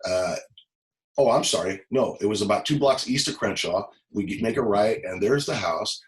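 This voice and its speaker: Low-voiced man telling a hard story. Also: lively intonation, rough recording. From Los Angeles. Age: 40s. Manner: halting, emotional, repeats words when moved. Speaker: podcast guest, former police officer. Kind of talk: personal storytelling.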